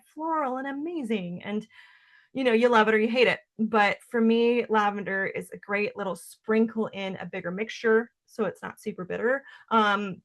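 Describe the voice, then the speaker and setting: A woman hosting a solo herbal wellness podcast from her office, talking casually with lots of "like" and "um" fillers. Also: medium pitch. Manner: chatty, frequent "like" and "um" fillers. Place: home office.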